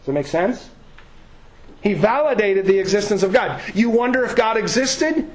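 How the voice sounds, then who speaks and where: A man's voice: high voice, expressive, moderate pace. A man preaching a sermon with emphasis, repeating words and acting out the people he quotes. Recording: echoey room with faint ambience.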